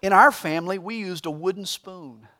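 High-voiced male preacher. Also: moderate pace. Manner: emphatic preaching, swinging from loud to hushed. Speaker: pastor. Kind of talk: sermon.

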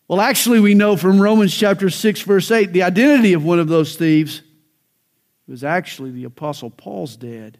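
A man's voice: on the high side, animated, fairly quick, a little mellow. A male pastor preaching a sermon, telling jokes and stories, then building to fervent emphasis.

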